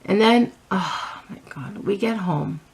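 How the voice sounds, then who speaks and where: A middle-aged woman telling a personal story on her vlog, animated and a little flustered, with many restarts. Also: medium pitch, slow pace, creaky, slightly rough. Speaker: vlogger.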